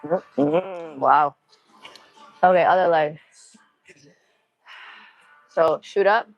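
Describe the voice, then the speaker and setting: A woman's voice: deep voice, very slow, lo-fi sound. A young woman live-streaming her gym workout, a little out of breath, chatting casually and counting reps and form cues between sets. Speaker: fitness streamer.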